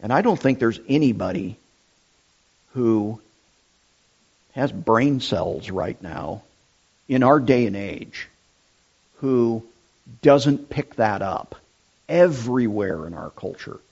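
Slow, emphatic male preacher. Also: mid-range voice, expressive, creaky, darkish tone, slightly rough. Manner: deliberate, emphatic, repeats key phrases. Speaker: pastor. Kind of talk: sermon. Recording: dull lo-fi sound.

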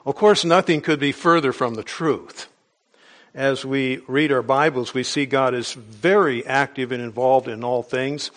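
A man preaching a sermon in a measured, explanatory way, with small restarts as he goes. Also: medium pitch, a bit bright.

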